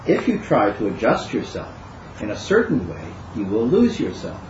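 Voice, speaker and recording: A man reading a Zen text aloud in a calm, measured way. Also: medium pitch, slight background noise. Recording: lo-fi, roomy recording.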